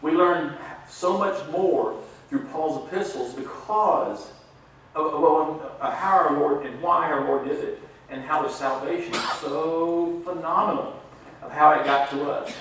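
A man's voice: on the high side, measured pace, a bit bright, slight background noise. A man preaching a sermon in a folksy storytelling way, laughing at his own jokes. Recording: echoey hall, mic far off.

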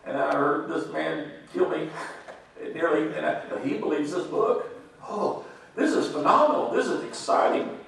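A man giving a lively testimony to a congregation, quoting scripture and laughing as he tells his stories. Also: fairly high pitch, moderate pace, creaky. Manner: animated storytelling, quotes scripture, laughs often. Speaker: church member giving testimony. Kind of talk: sermon-like testimony. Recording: echoey hall, speaker far from mic.

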